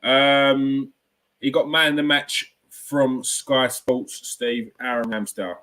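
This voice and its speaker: A man's voice: medium pitch, fairly even intonation, slow pace, a bit bright. A man hosting a casual football reaction chat, talking in an opinionated, ranty way. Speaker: fan channel host.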